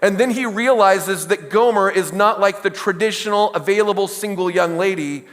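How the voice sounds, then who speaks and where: A man's voice: high-pitched, moderate pace, big-room sound. A middle-aged man preaching a sermon as pastor, talking in a conversational way, with stories, asides and questions to the congregation. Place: church sanctuary.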